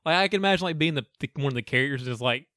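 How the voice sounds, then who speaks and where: A man's voice: on the high side, lively intonation, very fast, bright, forceful tone, no echo, clean studio sound. A man co-hosting a casual movie podcast, joking and riffing on scenes. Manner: jokey, riffs on scenes. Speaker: podcast co-host. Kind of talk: casual movie recap chat.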